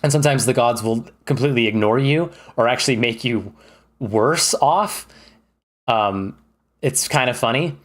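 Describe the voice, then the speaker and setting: Male streamer, casual game talk, eager and rambling, mid-pitched voice, lots of ums. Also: moderate pace. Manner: chatty and rambling, with many fillers; enthusiastic. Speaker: streamer ranking games. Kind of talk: casual livestream commentary.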